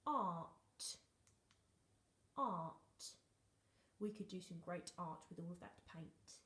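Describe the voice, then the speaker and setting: A woman's voice: fairly low pitch, lively intonation, takes it slowly, a bit bright, echoey room. A young woman teaching phonics to young children, playful and encouraging, often dropping into whispers. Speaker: reception class teacher.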